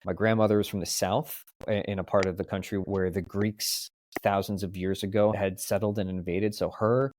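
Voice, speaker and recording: A man in his thirties, a podcast guest, talking in a discursive, animated way in a relaxed interview. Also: deep voice, normal speed, few pauses, slight background noise. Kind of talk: casual conversational interview.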